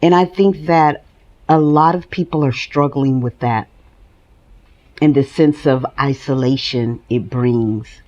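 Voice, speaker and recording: A woman's voice: very deep voice, slow, darkish tone, dull audio. A woman hosting her own podcast, talking candidly and emotionally at home and laughing now and then. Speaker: podcast host. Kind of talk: personal monologue.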